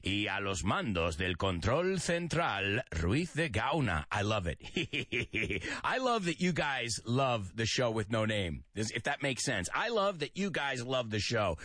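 A man hosting a radio show, his voice bright and ringing, swinging widely up and down in pitch. He reads listener comments aloud and slips into Spanish between English idioms. The sound is dry and close. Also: very animated, unhurried, no echo. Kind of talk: lively radio show chat.

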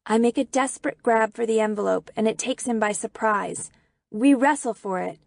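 A woman narrating a novel in the first person, in an expressive storytelling manner. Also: a little high, normal speed, creaky, no echo, studio quality. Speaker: audiobook narrator.

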